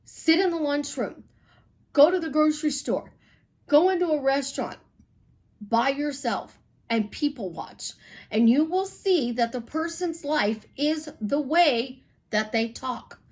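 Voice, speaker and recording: A woman from Chicago, a life coach, telling stories bluntly in an animated, casual monologue with some swearing. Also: high-pitched, unhurried.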